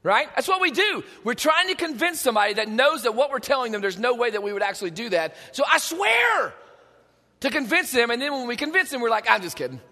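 A man preaching a sermon in a conversational, animated way, with joking asides to his congregation. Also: very high-pitched, quick pace, few pauses, in a large hall. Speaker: pastor. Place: church sanctuary.

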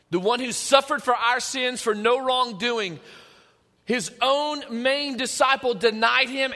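A man preaching a sermon in a conversational way, moving between hushed and emphatic, in a church hall with long reverb. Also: high voice.

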